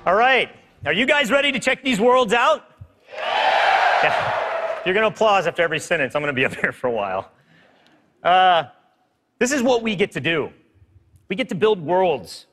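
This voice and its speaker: A man's voice: sits high, very animated, normal speed, pauses often, over loud music. A man presenting on stage at a keynote, upbeat and hyping up a live audience. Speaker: game studio presenter. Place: stage in a large hall. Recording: long hall reverb from live stage.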